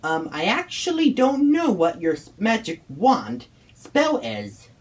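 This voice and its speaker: A woman's voice: mid-range voice, wildly swooping pitch, slow pace, soft background music. A woman playing cross young ghost-fighting hero. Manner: eager, shouts battle roars.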